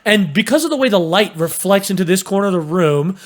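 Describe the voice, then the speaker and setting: A young man co-hosting a casual podcast, telling stories in an animated way and swearing freely. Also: high voice, brisk. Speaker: podcast co-host.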